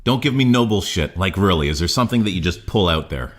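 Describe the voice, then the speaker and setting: A man's voice: sits low, expressive, fast talker. A man hosting a casual interview, asking blunt, pushy questions. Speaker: interview host.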